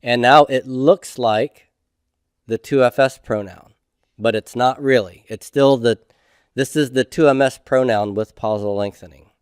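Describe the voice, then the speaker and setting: Middle-aged man, patient classroom lecturer, unhurried, dry recording. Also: mid-range voice, clear, resonant tone, no room sound. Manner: slow, methodical, checks in with "okay?". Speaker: Hebrew instructor.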